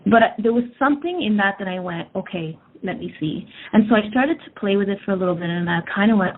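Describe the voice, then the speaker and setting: A woman's voice: mid-range voice, fast, hardly any pauses, slight background noise. A woman in her thirties telling a personal story in a candid, casual way with lots of fillers. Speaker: energy work practitioner. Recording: tinny phone-like audio.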